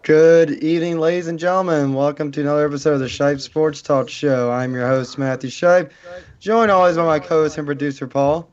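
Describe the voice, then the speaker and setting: A man hosts a casual sports podcast, ranting in exasperation. His voice sits a little high, and the recording is dull and lo-fi. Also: steady tone, brisk, smooth. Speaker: podcast host.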